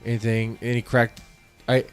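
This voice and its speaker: A man's voice: mid-range voice, completely flat delivery, normal speed, clear, resonant tone, faint music behind. A man hosting a casual live-stream reaction, rambling and repeating himself as he talks to his chat, congested from allergies.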